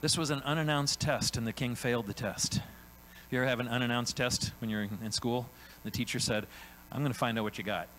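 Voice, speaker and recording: A man's voice: mid-range voice, steady tone, a bit bright, slight background noise, low-quality recording. A man preaching a sermon in a conversational way, often checking in with "right?" and briefly acting out the people in the story. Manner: conversational preaching, frequent "right?" tag questions; acts out biblical characters in quick voiced asides. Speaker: pastor.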